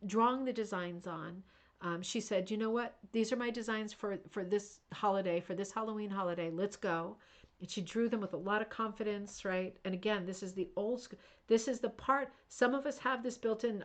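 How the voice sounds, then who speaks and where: A woman hosting a craft livestream, chatting casually and gushing over viewers' work. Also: medium pitch. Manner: chatty and gushing, with many fillers and asides. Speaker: host of a craft show livestream.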